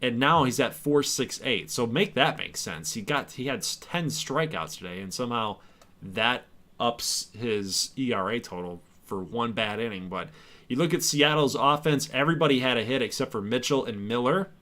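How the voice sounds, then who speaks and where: Bright-voiced man streaming baseball games. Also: medium pitch, moderate pace. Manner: trash-talking, excitable, loud outbursts. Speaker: gaming streamer and league host. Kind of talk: live stream game commentary.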